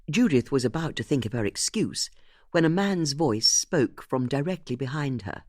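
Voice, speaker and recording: An audiobook narrator reading a mystery in an expressive way. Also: mid-range voice, moderate pace, dry recording, clean studio sound.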